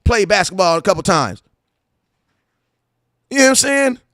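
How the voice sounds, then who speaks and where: A man hosting a casual sports fan show, talking in an animated, slangy way with stories and asides. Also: high voice, moderate pace, no echo, clean studio sound. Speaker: sports podcast host.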